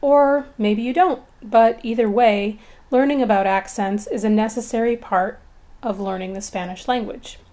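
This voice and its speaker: A woman teaching a Spanish lesson in clear, patient, scripted narration, speaking to beginners in an encouraging way. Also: a little high, steady tone, moderate pace, mellow.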